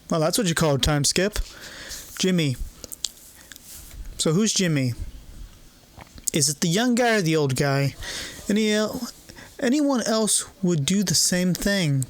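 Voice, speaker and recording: A man casually talking through a horror video game, thinking aloud and swearing freely. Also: on the high side. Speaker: gamer playing a horror game. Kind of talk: casual gameplay commentary.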